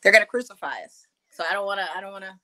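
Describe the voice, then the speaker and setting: A woman's voice: medium pitch, racing, noisy background. A woman co-hosting a casual sports podcast, teasing and arguing her point emphatically. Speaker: podcast co-host.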